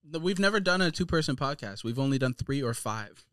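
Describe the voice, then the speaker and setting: A man's voice: mid-range voice, lively intonation, a little fast, a bit bright, no room sound. A young man co-hosting a podcast, asking loose questions and joking in a casual chat on a studio mic. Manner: playful, laughs often, loose questions. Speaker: podcast co-host. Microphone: studio microphone.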